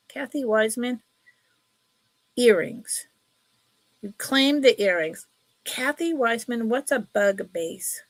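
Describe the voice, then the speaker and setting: A middle-aged woman chatting casually while selling jewelry on a live sale, telling stories in an animated way. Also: on the high side, unhurried.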